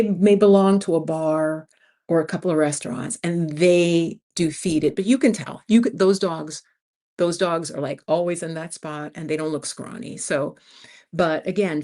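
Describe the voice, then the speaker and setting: This channel host, a woman in her fifties, has a low, somewhat dark voice and a New York accent. On her informal livestream she speaks plainly to her viewers, calling them "you guys."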